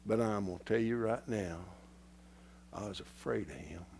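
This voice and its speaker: A male preacher telling a story in a sermon, folksy and direct with his listeners, dropping to hushed whispers and rising to loud impassioned preaching. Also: lowish voice, normal speed, creaky, a little hiss or hum.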